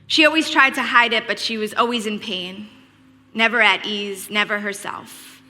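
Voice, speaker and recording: A woman's voice: mid-range voice, fairly even intonation, normal speed, sharp tone, big-room sound, soft background music. A woman giving an earnest sermon that weaves in family stories with wry humor. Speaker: speaker.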